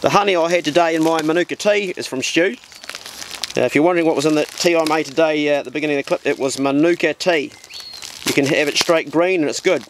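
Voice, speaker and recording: A man's voice: on the high side, quick pace, noisy background. A New Zealand man with a New Zealand accent, chatting in a slangy, blokey way as he opens parcels on his vlog at an old farmhouse. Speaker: vlogger. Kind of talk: casual mail-opening vlog.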